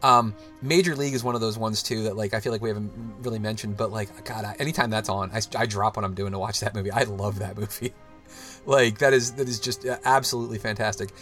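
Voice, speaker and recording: A man's voice: on the low side, steady tone, quick pace, a bit bright, faint music behind. A man in his thirties hosting a casual chat, talking loosely with lots of "like" and restarts. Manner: rambling, loose, full of "like" and restarts. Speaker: podcast host.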